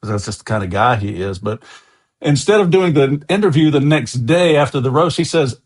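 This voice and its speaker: A man's voice: mid-range voice, animated, brisk. American male guest, mid-range voice, chatty anecdotal storyteller. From USA. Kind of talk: casual interview storytelling.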